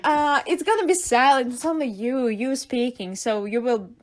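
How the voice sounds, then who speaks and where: Podcast co-host: young woman, Russian accent, chatty and halting, higher-pitched. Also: slight background noise. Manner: chatty, laughs often, hesitant fillers. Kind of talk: casual chat.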